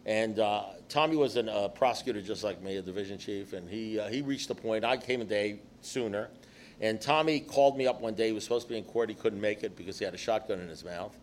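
A man's voice: on the low side, fast. An older man speaking to a recovery group in a blunt, profane, conversational way. He talks in punchy, repeated phrases and slips into mimicked voices. Faint noise sits behind him. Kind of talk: personal recovery talk to a group.

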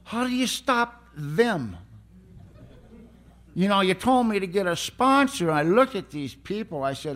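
A man's voice: high-pitched, sing-song, unhurried, fairly bright tone. A man giving a blunt, streetwise personal testimony at a recovery meeting, often laughing as he talks.

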